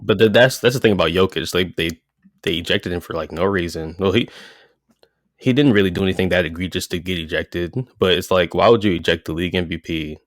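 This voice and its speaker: A man co-hosting a podcast, talking sports in a relaxed way with lots of fillers. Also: low voice, fairly quick, no echo, clean studio sound. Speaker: podcast co-host. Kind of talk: casual sports chat.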